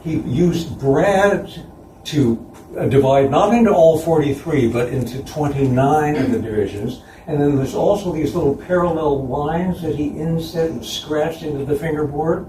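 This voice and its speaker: A man giving a conference lecture about slides, relaxed and chuckling between points. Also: fairly high pitch, moderate pace, slight background noise. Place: concert hall. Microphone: distant room mic. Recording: roomy, distant hall recording.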